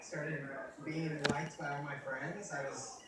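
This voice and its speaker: A man's voice: a little high, level tone, slow pace, over a noisy crowd. A young man giving a candid personal testimony in a casual, rambling way, with self-deprecating humor and quotes he acts out. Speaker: testimony speaker. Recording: roomy, distant mic with noticeable background noise.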